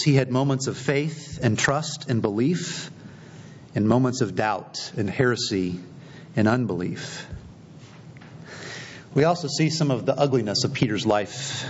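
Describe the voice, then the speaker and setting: A man delivers a sermon, retelling a story and voicing the lines of its people as he goes. The recording is a little dull, with a faint low rumble underneath. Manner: storytelling, acting out quoted dialogue. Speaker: preacher.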